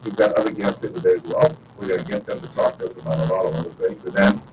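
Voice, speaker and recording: Middle-aged male radio host, animated folksy storyteller, heard off-mic through a muffled lo-fi broadcast. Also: deep voice, fast, distant mic, background noise. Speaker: radio talk show host. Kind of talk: casual call-in radio talk.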